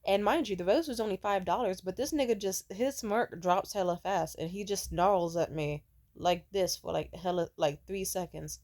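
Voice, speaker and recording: A woman's voice: medium pitch, moderate pace, a little mellow. A young woman telling dating stories in a casual rant, blunt, profane and sarcastic, mocking people in put-on voices. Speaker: storyteller vlogger. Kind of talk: casual ranting storytime.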